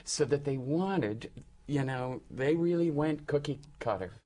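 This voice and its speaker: A man's voice: a little high, animated, unhurried, mellow. An older man, a guest actor in a studio interview, telling wry, self-deprecating stories about stepping into shows.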